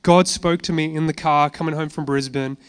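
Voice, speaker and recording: A man preaches in a relaxed, chatty way, sharing stories from his own life. His voice sits a little high for a man and sounds smooth and clear. He keeps throwing rhetorical questions at the listeners and then answering them himself. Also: brisk. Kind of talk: informal sermon with personal testimony.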